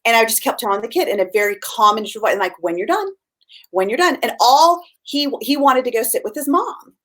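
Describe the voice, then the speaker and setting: A middle-aged woman parenting coach chatting casually, lively and acting out quoted dialogue in changing voices. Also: on the high side, fast talker. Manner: animated, acts out quoted dialogue in shifting voices. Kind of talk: casual chat.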